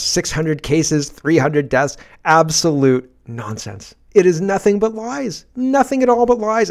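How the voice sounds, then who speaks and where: A man hosting a livestream from his garage, ranting about politics in a defiant, emphatic and profane way. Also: a little high. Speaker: political commentary host. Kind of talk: unscripted livestream rant.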